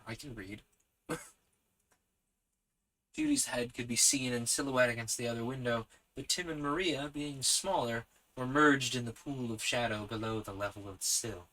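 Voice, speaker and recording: A man reading a story aloud as the host of his own podcast. His delivery is soft and measured and sits at an ordinary pitch for a man. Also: low-quality recording.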